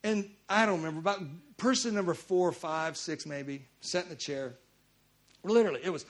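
Middle-aged guy preaching, pretty high voice, chatty storytelling, gets loud then goes really quiet. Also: moderate pace. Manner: conversational, swings between loud urgency and hushed intensity. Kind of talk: sermon with personal storytelling.

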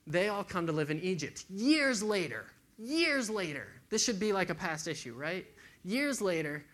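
A man's voice: high-pitched, animated, normal speed, fairly bright tone. Man preaching a casual sermon. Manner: casual, conversational preaching with acted quotes.

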